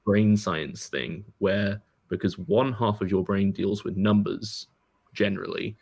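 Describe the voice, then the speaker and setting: A man's voice: lowish voice, steady tone, a little slow, gravelly, a little mellow, slightly rough. A man co-hosting a podcast, telling stories casually with lots of "like" and "um". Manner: loose storytelling, many "like"s. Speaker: podcast co-host. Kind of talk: casual chat.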